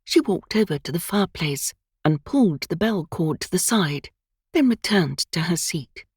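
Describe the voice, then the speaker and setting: A woman narrating a cosy mystery audiobook in an expressive, measured storytelling manner. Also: fairly low pitch, slightly rough, no room sound, clean studio sound. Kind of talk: scripted narration.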